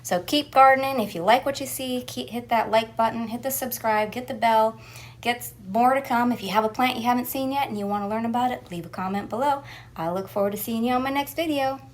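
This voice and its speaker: This gardening vlogger talks fast in a fairly high voice, chatting casually on her home gardening vlog. Now and then she chews while talking.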